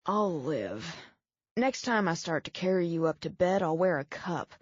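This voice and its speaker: A woman reading the lines of a wry, pained man in a gruff, low-key voice. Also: animated, a little slow, no room sound, dull audio. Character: injured wisecracking man, dry and wheezing.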